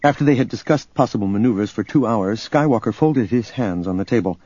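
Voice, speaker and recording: A man narrating a novel in a steady, even storytelling manner, recorded as a dull lo-fi audiobook. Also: mid-range voice, fairly quick, few pauses, slightly rough, no echo. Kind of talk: scripted narration.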